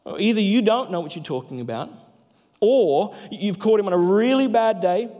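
A man, a pastor, preaching a sermon with emphatic delivery that slows down for key phrases. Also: high-pitched, lively intonation, mellow. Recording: long hall reverb.

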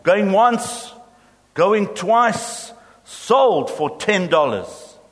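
A man's voice: sits high, sing-song, very slow, pitched above the performer's own voice, heavily acted. A man voicing an insistent male auctioneer who calls out for bids, recorded in an echoey hall. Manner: insistent, calling out.

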